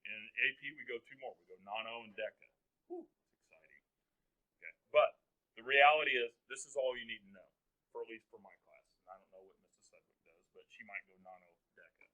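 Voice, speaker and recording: Bright-voiced joking male chemistry teacher. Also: medium pitch, brisk, highs cut off. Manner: chatty and joking, asks the class questions. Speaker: high school chemistry teacher. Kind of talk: classroom lecture. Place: classroom.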